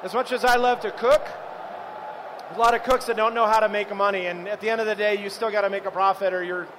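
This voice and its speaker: A man's voice: high voice, flat delivery, brisk, background noise. A man, a chef, giving a live cooking demo to an audience, chatting and telling stories as he cooks. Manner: chatty, storytelling, addresses the audience.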